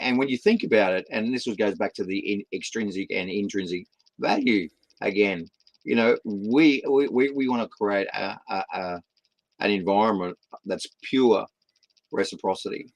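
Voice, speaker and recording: Australian male, fifties, gravelly, fervent interview guest who stammers into sermons. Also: lowish voice, no room sound, rough recording. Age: 50s. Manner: impassioned, repeats words and restarts, preaches with rising emphasis. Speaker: guest, community partnerships founder. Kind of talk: passionate conversational interview.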